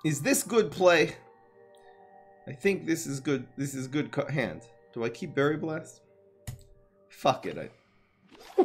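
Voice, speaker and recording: A young man giving casual live commentary on his card game, excitable and jokey, muttering one moment and loud the next. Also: medium pitch, unhurried, pauses often, soft background music. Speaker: gaming streamer.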